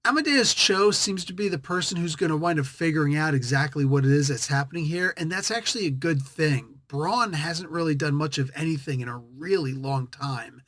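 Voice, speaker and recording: A man's voice: fairly high pitch, lively intonation, brisk, hardly any pauses, fairly bright tone, no echo, clean studio sound. A man hosting a casual comic book review, rambling and correcting himself as he thinks aloud.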